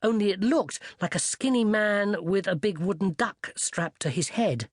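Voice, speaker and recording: An audiobook narrator giving lively scripted narration of a comic fantasy novel. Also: mid-range voice, moderate pace, no echo, studio quality.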